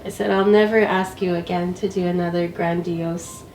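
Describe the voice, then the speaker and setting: A woman's voice: lowish voice, normal speed, roomy sound, recorded from a distance, soft background music, low-quality recording. Woman with a cold, telling a story. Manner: animated, laughing storyteller. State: sick with a cold. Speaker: interview guest, walker. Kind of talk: casual storytelling.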